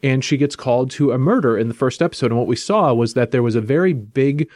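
A man casually summarizing a comic book's story as a podcast co-host, steady and clear. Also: mid-range voice, quick pace, no echo, clean studio sound. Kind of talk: casual chat, comic review.

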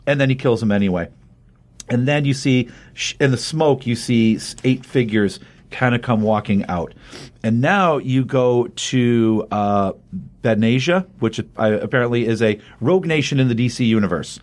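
A man's voice: medium pitch, normal speed, a little mellow. Chatty man recapping a comic book. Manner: chatty, rambling, with frequent restarts and quoted dialogue.

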